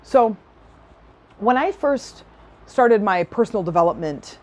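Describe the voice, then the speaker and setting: A woman's voice: medium pitch, lively intonation, unhurried, darkish tone. Enthusiastic chatty woman podcaster. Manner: chatty and enthusiastic, acts out other voices. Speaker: podcast host. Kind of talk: personal storytelling podcast.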